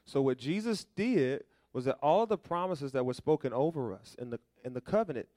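A man's voice: medium pitch, lively intonation, a little fast, a little mellow, no room sound, clean studio sound. A man pastor preaching a sermon, with call-and-response questions to the congregation and folksy, conversational storytelling.

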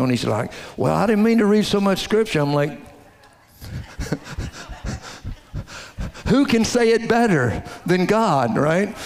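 A man's voice: medium pitch, darkish tone. A man pastor preaching a sermon, teaching through scripture and growing more emphatic. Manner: expository teaching with rising emphatic passages.

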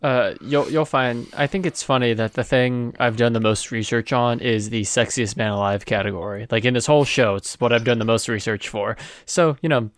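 A man's voice: mid-range voice, fairly even intonation, moderate pace, hardly any pauses, no room sound. A man co-hosting a casual podcast, chatty, leading the segment questions. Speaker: podcast co-host. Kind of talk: casual sports podcast chat.

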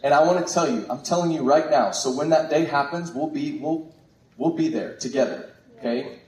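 A man preaching a sermon with exuberant, animated delivery. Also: a little high, normal speed. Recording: echoey room from far off.

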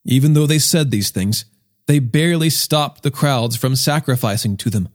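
A man's voice: mid-range voice, normal speed. Man reading scripture aloud. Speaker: scripture reader. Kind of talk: Bible reading.

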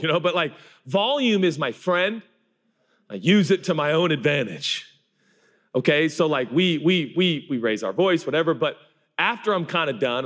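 Animated, self-mocking male preacher. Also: medium pitch. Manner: animated, self-deprecating, acts out voices. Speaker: pastor. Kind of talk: sermon.

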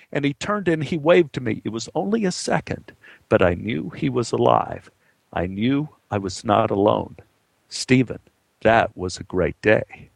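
A man voicing a blunt, gruff old man who swears casually as he recalls hard times. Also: mid-range voice, no room sound.

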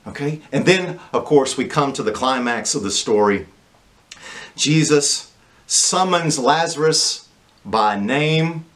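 A man preaching a sermon, asking the congregation rhetorical questions and pausing for emphasis. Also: mid-range voice, expressive, fairly bright tone.

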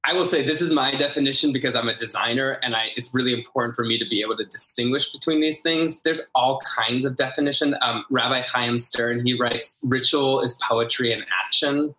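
A man with a bright, forceful voice explains his ideas earnestly, often repeating words for emphasis. He talks as an interview guest. The room around him rings with a noticeable echo. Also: mid-range voice, a little fast, few pauses. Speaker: guest, ritual designer. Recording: roomy echo.

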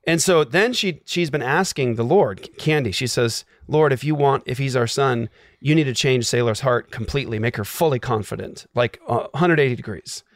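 A man's voice: medium pitch, moderate pace, dry recording, studio quality. A man, a guest, telling a personal story in an earnest, emotional way with lots of "like"s. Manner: earnest, emotional, filler-heavy with many "like"s. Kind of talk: casual storytelling.

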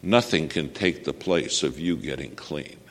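Very deep-voiced man preaching in a hall. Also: a little slow, a bit bright. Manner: storytelling, earnest, asks the audience questions. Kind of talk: sermon. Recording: long hall reverb.

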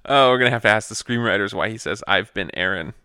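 A man co-hosting a podcast, chatting about a movie in an animated, teasing way and laughing often. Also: lowish voice, fairly quick, clear, resonant tone, no room sound, clean studio sound. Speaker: podcast co-host. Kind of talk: casual chat, movie discussion.

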